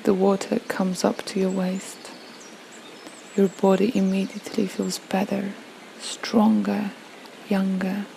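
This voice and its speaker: Slow, gravelly-voiced woman guiding relaxation. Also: mid-range voice, completely flat delivery, warm tone, slight background noise, rough recording. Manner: slow, soothing, with long pauses. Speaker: yoga and meditation guide. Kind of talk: guided relaxation visualization.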